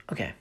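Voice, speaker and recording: A woman who writes fanfiction casually lays out the setup of her story. She rambles and thinks aloud, frequently pausing to correct herself.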